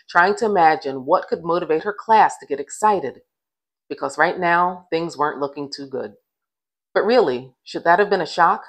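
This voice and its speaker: A woman, the author, reading a middle-grade novel aloud with gentle, expressive storybook narration. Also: low-pitched, poor audio.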